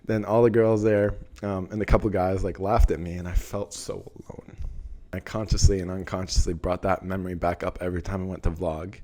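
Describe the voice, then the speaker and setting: A young man talking casually to camera, giving energetic motivational advice and swearing for emphasis. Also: deep voice, brisk. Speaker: self-help vlogger.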